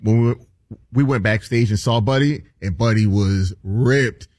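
A man's voice: fairly low pitch, a little slow, a little mellow, dry recording, studio quality. A man co-hosting a radio show, chiming in with sympathetic remarks. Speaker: radio co-host. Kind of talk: casual radio talk.

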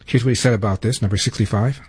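A man's voice: fairly low pitch, fairly even intonation, fast talker, a little mellow, husky, no room sound. A man hosting a talk radio show, delivering a brash, punchy studio monologue.

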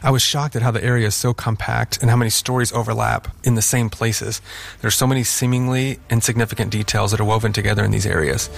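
A man's voice: fairly low pitch, steady tone, quick pace, creaky. A man giving an earnest, enthusiastic testimonial about a tour he went on.

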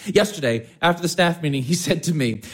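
A man's voice: on the high side, lively intonation, brisk. A man playing a fussy, cheery schoolteacher. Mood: chatty. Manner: chatty and self-satisfied. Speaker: teacher. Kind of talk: stage-play radio acting.

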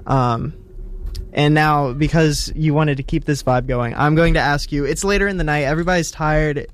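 A man's voice: fairly high pitch, steady tone, normal speed. A male radio host with a voice sitting a little above the usual, talking between songs in a loose, easygoing way. He sounds playful and teasing, close on a studio microphone. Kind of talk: casual radio chat.

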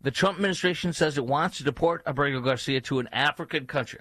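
A man's voice: a little high, fast talker, hardly any pauses, pushed and bright, no echo. A man guest-hosting a political talk radio show, speaking in a sarcastic, mocking way.

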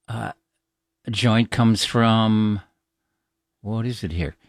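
A man's voice: medium pitch, slow pace, dry recording, clean studio sound. A man hosting a call-in radio talk show, chatting casually and explaining at an easy pace with plenty of fillers.

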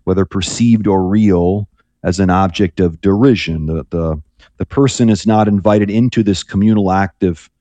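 A man's voice: low voice, moderate pace, warm tone, no room sound. A man who is a priest, guest on a call-in radio show, speaking thoughtfully and rambling with restarts. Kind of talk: reflective radio talk.

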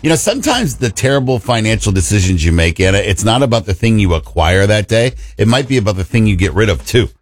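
A man's voice: on the low side, very animated, fast, few pauses, dry recording, studio quality. A man co-hosting a radio talk show, joking and teasing callers in casual chat. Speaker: radio co-host.

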